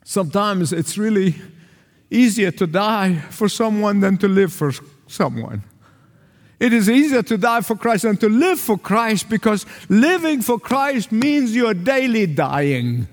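A man's voice: high-pitched, very animated, measured pace, in a large hall. A male pastor from the Arab world preaching a sermon with an emphatic, repetitive cadence.

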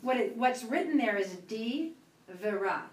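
A woman's voice: a little high, expressive, measured pace. A woman teacher guiding students through reading aloud syllable by syllable, patient and encouraging. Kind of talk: classroom instruction. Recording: roomy classroom audio from a distance.

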